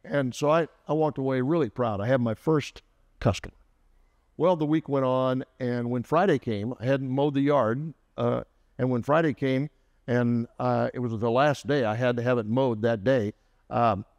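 A man's voice: medium pitch, normal speed, a little mellow, no room sound. Man telling folksy stories, dull dry sound. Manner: folksy, with frequent "uh" and restarts. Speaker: co-host. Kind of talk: casual storytelling.

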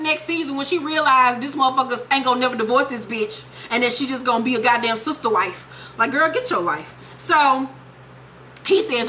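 A young woman recapping a TV episode in a casual vlog, sassy, profane and animated. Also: high voice, normal speed, slight background noise, low-quality recording. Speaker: TV show reviewer.

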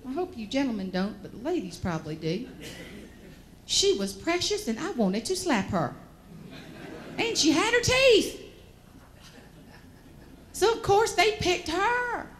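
Lady speaker spinning farm stories, high voice, animated and folksy. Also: slight background noise. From American South. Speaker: motivational speaker. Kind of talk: storytelling keynote speech.

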